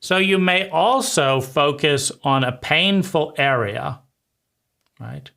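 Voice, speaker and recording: A man gives a spoken lesson on conversation skills at an unhurried, measured pace. His voice sits a little high for a man. He circles back over his points and checks in with the listener as he goes. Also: lively intonation, vocal fry, pushed and bright. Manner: slow, deliberate, repeats phrases and asks "right?". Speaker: life coach.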